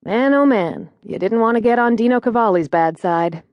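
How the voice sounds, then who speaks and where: A woman's voice: fairly high pitch, expressive, normal speed, dry recording, highs cut off. A woman narrating a first-person audiobook in a wry, conversational storytelling manner, recorded in a studio.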